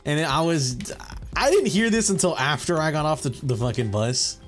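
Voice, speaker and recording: A man's voice: fairly high pitch, lively intonation, moderate pace, soft background music. A young man, host of a gaming channel, rambling through a casual story over gameplay, swearing often and saying "bro" and "you know.".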